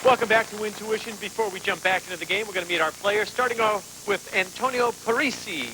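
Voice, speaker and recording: A man's voice: high voice, a little fast, heavy background noise. A man hosting a TV game show, joking and teasing the contestants. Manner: jokey, teasing banter with contestants. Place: TV studio.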